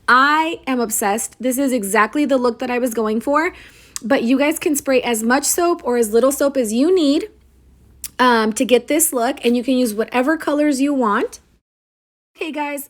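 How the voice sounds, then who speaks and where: Bubbly, slightly hoarse woman narrating a craft tutorial. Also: sits high. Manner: bubbly and chatty, keeps addressing viewers as you guys; self-deprecating jokes. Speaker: crafter demonstrating a tumbler project. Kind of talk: tutorial voice-over.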